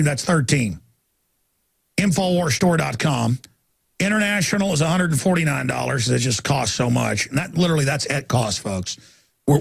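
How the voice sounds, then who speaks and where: A man hosting a talk radio show, delivering an impassioned ranting monologue that swings from shouts down to low murmurs. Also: gravelly, breathy edge.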